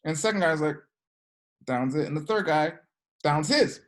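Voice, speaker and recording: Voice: animated, moderate pace. An energy work teacher giving a casual class, chatty and peppered with filler words, acting out characters in the stories. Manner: chatty, peppered with "like" and "you know"; acts out characters with sudden pitch jumps. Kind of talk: casual class talk with storytelling.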